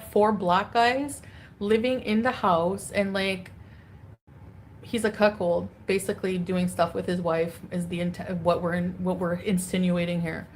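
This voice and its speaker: A woman livestreamer rants at her viewers in a crude, angry torrent of insults, chopping her own curse words off halfway. Her voice sits at an everyday middle pitch for a woman, with a faint hiss of room noise behind it. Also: rough recording. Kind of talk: ranting livestream monologue.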